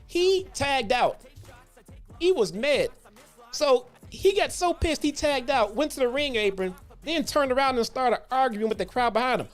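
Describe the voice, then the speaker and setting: A man hosting a retro review show in a relaxed, profane way. He tells stories with growing animation, slipping in slang and restarts. Faint music plays in the background. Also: very high voice, a little slow. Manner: casual, profane, animated storytelling. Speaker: host. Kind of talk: casual retro wrestling review.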